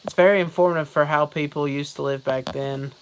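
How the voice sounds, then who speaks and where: A young man telling rambling stories in a casual vlog, laughing often and slipping into loud mocking voices. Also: a little high, fairly even intonation, fairly quick, a little hiss or hum, low-quality recording. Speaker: vlogger.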